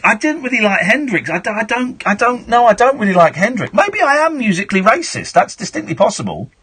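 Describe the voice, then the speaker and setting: Lively, bright-voiced English radio host. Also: male voice, high voice, a little fast, husky. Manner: chatty, stammering restarts, frank. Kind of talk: late-night call-in chat. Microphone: studio mic.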